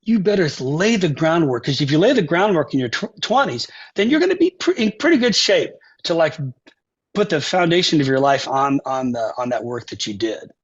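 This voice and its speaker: A man's voice: a little high, normal speed, husky. An older man, a composer and saxophonist guest, telling stories in an interview and acting out the people in them. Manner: animated storyteller, acts out quotes and sings phrases. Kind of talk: conversational interview storytelling. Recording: dull lo-fi podcast audio.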